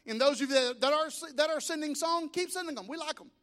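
Man preaching a sermon with a very high voice, storytelling and exhorting. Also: quick pace. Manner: storytelling and exhorting, rising to shouts. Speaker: pastor.

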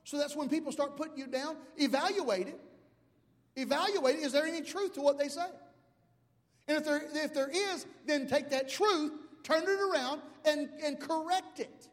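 High-voiced preacher in a reverberant hall. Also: male voice, moderate pace. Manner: animated, builds to loud shouting climaxes. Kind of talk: sermon.

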